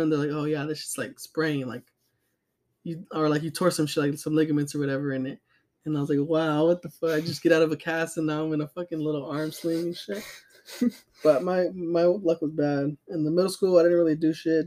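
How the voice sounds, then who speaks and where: A young man with a voice a touch higher than most men chats casually as a podcast co-host. He tells stories loosely, swears a lot, and fills his talk with fillers and chuckles. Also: darkish tone. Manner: loose, profane storytelling with frequent fillers and laughs. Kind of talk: casual chat.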